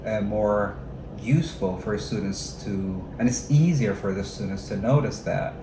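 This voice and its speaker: A man who trains teachers, talking over a lesson video and explaining in a measured way, with frequent fillers. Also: fairly low pitch. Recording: echoey room with clear background noise.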